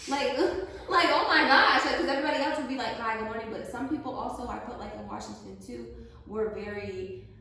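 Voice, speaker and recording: Brief: young woman host, casual animated chat, a bit high, distant mic in a reverberant room. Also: brisk, a little hiss or hum. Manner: animated storytelling, frequent "like", laughs. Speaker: vlog host. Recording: echoey room, away from mic.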